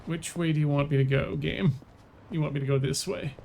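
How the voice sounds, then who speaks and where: A man's voice: fairly high pitch, steady tone, fairly quick, gravelly, a little mellow, a little hiss or hum. A man streaming a video game, chatting casually and muttering to himself as he plays. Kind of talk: casual let's-play commentary.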